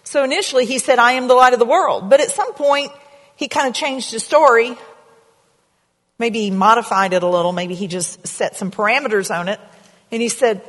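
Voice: mid-range voice, lively intonation, moderate pace, fairly bright tone. A pastor preaching a sermon in a church, in a conversational way, asking the congregation questions. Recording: reverberant hall sound.

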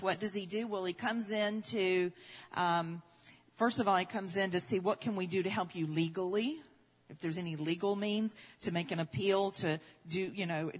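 A woman preacher telling a story in a sermon, speaking emphatically, repeating key phrases and building intensity. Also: on the low side. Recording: reverberant hall.

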